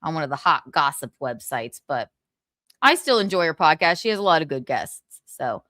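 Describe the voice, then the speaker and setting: A woman's voice: sits low, big pitch swings, moderate pace, bright, forceful tone, dry recording, studio quality. A young woman hosting a livestream, chatting casually, reading viewer comments and laughing often. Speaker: livestream host.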